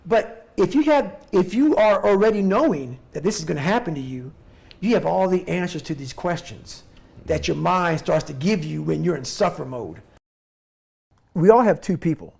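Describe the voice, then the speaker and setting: A man's voice: sits high, creaky, a little mellow. A man giving a blunt, intense motivational talk as an interview guest, swearing freely.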